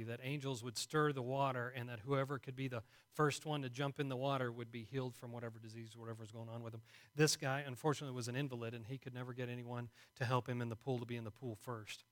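A man preaching a sermon to a congregation in a conversational way, often asking them questions. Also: medium pitch. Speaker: pastor.

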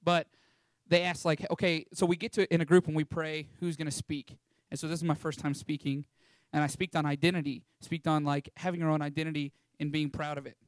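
A man's voice: fairly high pitch, little pitch movement, fairly quick, dry recording, studio quality. A young man of about eighteen from Texas, giving a casual, rambling testimony talk about a mission trip, with lots of fillers. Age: young adult, about 18.

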